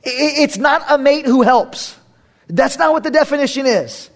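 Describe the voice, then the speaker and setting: A man's voice: very high-pitched, normal speed. A middle-aged male pastor preaching a sermon, emphatic, repeating key phrases with playful asides.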